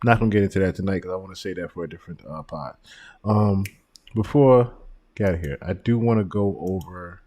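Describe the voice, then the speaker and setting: A man hosting a podcast, giving casual commentary and animated stories, often breaking into laughter. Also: deep voice, brisk. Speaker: podcast host.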